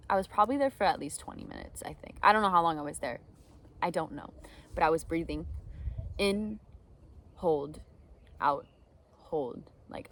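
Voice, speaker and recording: A woman's voice: on the low side, a bit bright, a little hiss or hum. A young woman telling a candid personal story and giving advice to people who help students, with lots of "um" and "like" fillers. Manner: rambling, full of "um" and "like" fillers. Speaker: speaker training others to help students.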